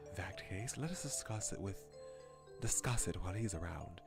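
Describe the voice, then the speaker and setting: A man voicing a proper, protective male butler with a low, formal way of talking. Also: animated, creaky. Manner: formal, low, measured, softly scolding. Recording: game music behind.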